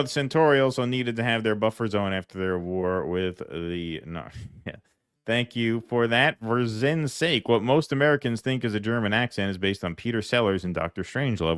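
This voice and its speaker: Low-pitched New guy, sardonic livestream co-host, dry close sound. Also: a little fast, a bit bright, clean tone, dry recording. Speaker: co-host reading viewer comments. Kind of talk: casual livestream chat.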